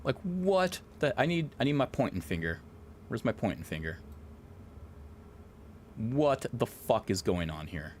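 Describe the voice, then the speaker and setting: A man streaming live, chatting casually in an excitable, rambling way and swearing a lot. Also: fairly low pitch, measured pace, long pauses, slight background noise.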